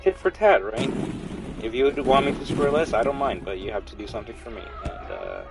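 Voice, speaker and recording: A man's voice: medium pitch, lively intonation, a little fast, creaky, music in the background, poor audio. Chatty young man streaming a game. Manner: chatty, rambling, talks straight to chat. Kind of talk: casual gaming livestream chat.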